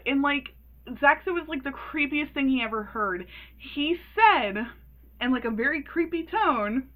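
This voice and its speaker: A woman in her early twenties telling a story in a casual vlog, animated and sassy, laughing often. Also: sits high, a little slow, poor audio. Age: 20s. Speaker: vlogger.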